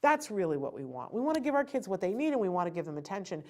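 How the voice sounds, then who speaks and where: A middle-aged woman hosting a live talk show, giving parenting advice in a lively, animated way and acting out a child's point of view. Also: mid-range voice, very fast. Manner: animated, acts out a child's thoughts and parental lectures. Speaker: host.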